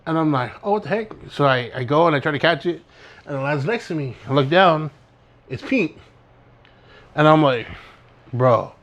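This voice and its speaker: A man's voice: on the high side, normal speed, long pauses, fairly bright tone. A young man co-hosting a podcast, telling a school story in casual chat and acting out both sides of the dialogue. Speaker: podcast co-host.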